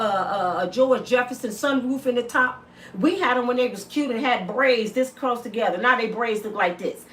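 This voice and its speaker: Animated woman ranting bluntly in a roomy space. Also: high-pitched, far from the mic. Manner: loud, blunt, animated, with many asides. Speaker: commentator. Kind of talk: comedic opinion rant.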